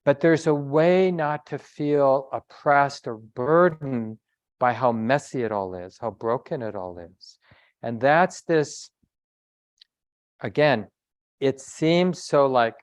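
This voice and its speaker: A man gives a dharma talk as a meditation teacher. His voice sits at a middle pitch, and he speaks in a reflective, conversational way, pausing and correcting himself as he goes. The sound is dry and close, with no room echo. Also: expressive, clear, resonant tone.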